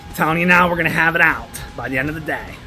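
A performer voicing a short-tempered, foul-mouthed elderly grandmother who gripes gruffly and curses through a comedy sketch. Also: mid-range voice, racing, over music, close to an everyday voice. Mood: grumbling. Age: older. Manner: gruff, cursing, complaining. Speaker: comedy character host.

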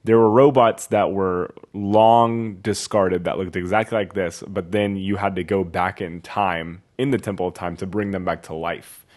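Deep-voiced man doing chatty game commentary. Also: steady tone, normal speed, hardly any pauses, a little mellow. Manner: chatty and jokey, wondering aloud as he plays. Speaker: video game streamer. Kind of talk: casual let's-play commentary.

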